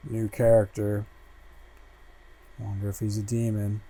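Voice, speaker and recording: Unhurried man muttering casual asides. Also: fairly low pitch. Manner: relaxed, muttering asides, swears freely. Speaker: host flipping through a comic. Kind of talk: casual livestream chat.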